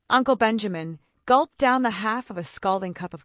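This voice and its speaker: A woman narrating an audiobook in an expressive storytelling style. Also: mid-range voice, moderate pace, few pauses, dry recording, studio quality. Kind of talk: scripted narration.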